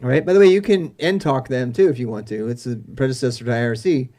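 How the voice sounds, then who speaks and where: A man's voice: medium pitch, quick pace, mellow. A man casually teaching terminal commands on a live stream, rambling and restarting his sentences. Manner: rambling, restarts often, chuckles between points.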